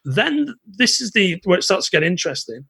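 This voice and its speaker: A British man hosting a podcast, telling a long anecdote in an animated way with lots of restarts. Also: high-pitched, brisk, vocal fry, breathy edge, dry recording. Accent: British English. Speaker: podcast host. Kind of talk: casual storytelling chat.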